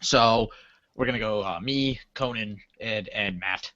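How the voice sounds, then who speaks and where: A man's voice: fairly low pitch, unhurried, pushed and bright, no echo. A man explaining the rules of an improv game in a matter-of-fact way. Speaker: game leader. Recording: dry lo-fi recording.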